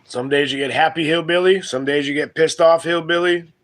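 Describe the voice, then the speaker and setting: A man hosting his homestead channel, chatting casually and crudely with viewers in a relaxed, rambling drawl. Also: a little high, fairly quick. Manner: relaxed drawl with loose grammar and fillers. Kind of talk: casual livestream chat with viewers.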